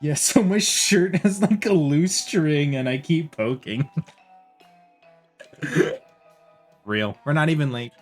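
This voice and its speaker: A man's voice: fairly high pitch, takes it slowly, long pauses, soft background music. A man streaming a game, riffing through casual commentary with jokes, swearing and laughter. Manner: joking, swearing, laughing banter.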